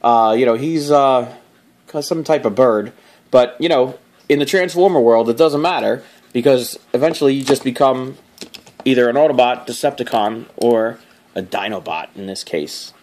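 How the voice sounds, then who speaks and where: A man's voice: mid-range voice, normal speed, a little mellow. A man hosting a casual toy review, rambling and joking, laughing often and swearing offhandedly.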